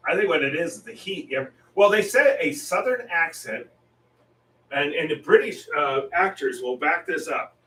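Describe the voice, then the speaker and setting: A man's voice: a little high, lively intonation, normal speed, bright, forceful tone, recorded from a distance, a little hiss or hum. Easygoing man chatting in a roomy space. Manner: rambling and easygoing, laughs often. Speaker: painting stream host. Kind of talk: casual chat while painting. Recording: roomy sound, off-mic.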